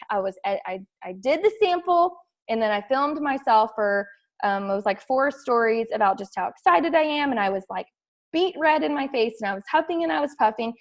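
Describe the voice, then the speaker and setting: Chatty woman coaching her team. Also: high-pitched. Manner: chatty and excitable, heavy use of "like". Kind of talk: casual team call.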